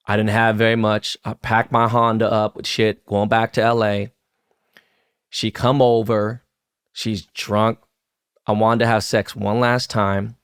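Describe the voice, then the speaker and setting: A man's voice: fairly low pitch, smooth. A man in his fifties telling a story on a podcast in casual, profane slang, acting out quoted lines. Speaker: podcast co-host.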